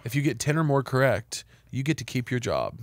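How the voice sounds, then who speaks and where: A man hosting a podcast in casual comedic chat, deadpan and calm even when describing absurd scenarios. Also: medium pitch, a little fast, a little hiss or hum. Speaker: podcast host.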